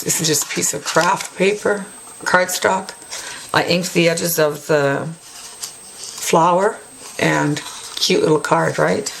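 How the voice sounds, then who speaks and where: A woman hosting a craft tutorial, chatting casually as she shows her work and often adds a quick "right?". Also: low voice, vocal fry, a little hiss or hum. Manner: chatty, tacks on "right?" tag questions. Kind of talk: casual show-and-tell tutorial.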